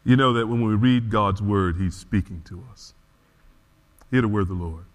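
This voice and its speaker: A man preaching a sermon, telling a story in an animated way before he reads scripture and leads a prayer. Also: lowish voice, a little fast, in a large hall. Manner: animated storyteller, frequent restarts. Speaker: pastor.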